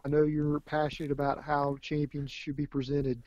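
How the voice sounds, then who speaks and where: A man's voice: a little high, completely flat delivery, normal speed, darkish tone, dry recording, dull audio. Luchtige man met doffe opname. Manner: easygoing, joking, many fillers. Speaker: podcast co-host. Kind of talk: casual wrestling review chat.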